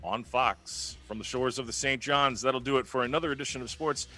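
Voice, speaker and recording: A man reading the sports news on a morning radio show, chatty and relaxed, with frequent fillers. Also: medium pitch, fairly quick, soft background music.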